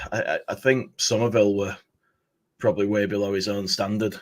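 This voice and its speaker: A man's voice: lowish voice, little pitch movement, normal speed. A man co-hosting a casual football podcast, blunt and bantering. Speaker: podcast co-host.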